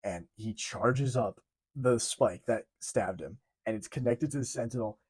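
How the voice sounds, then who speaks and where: A young man casually reviewing a TV episode, excitable and rambling, swearing now and then. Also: mid-range voice, measured pace, husky. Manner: excitable, rambling, swears, says 'like' often. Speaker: TV show reviewer.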